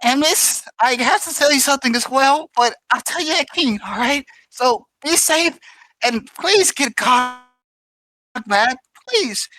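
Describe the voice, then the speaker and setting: A woman's voice: high voice, expressive, pushed and bright, pitched above the performer's own voice, exaggerated voice, rough recording. A woman voicing a frantic young woman adventurer who is out of breath and distraught on a call. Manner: distraught, rapid, breaking into sobs.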